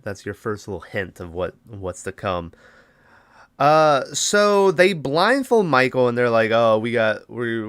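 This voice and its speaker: A man's voice: lowish voice, a bit bright, clear, resonant tone, no echo, studio quality. A man hosting a podcast, casually recapping a movie in a rambling, profane way and briefly acting out the characters' lines. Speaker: podcast host.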